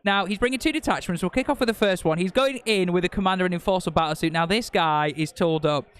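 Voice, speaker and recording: A man's voice: high-pitched, quick pace, crowd noise. A man co-commentating a live tabletop wargame stream, joking as he reels off army lists. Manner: jokey, reels off unit lists.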